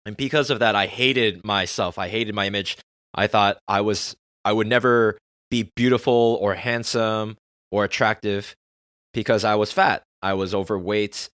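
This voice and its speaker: A man's voice: on the low side, fairly bright tone, clear, resonant tone, no room sound, studio quality. A man hosting a podcast in a candid, confessional personal monologue, swearing freely. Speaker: podcast host.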